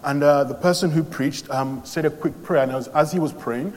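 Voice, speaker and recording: A man's voice: fairly high pitch, moderate pace, darkish tone. A young man preaching a sermon, retelling Bible stories in quoted voices with many ums and restarts. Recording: long hall reverb.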